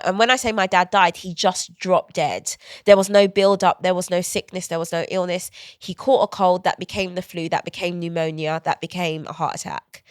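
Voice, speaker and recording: A woman's voice: on the low side, clear, resonant tone, dry recording. Candid woman, dry close sound. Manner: candid, animated storytelling with quoted asides. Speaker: guest author. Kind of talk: conversational podcast interview.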